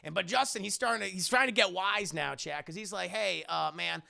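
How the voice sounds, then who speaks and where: A male streamer gives a casual, profane film review to his live chat, laughing often. His high voice is bright and lively, with a gravelly edge and big swings in pitch. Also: quick pace.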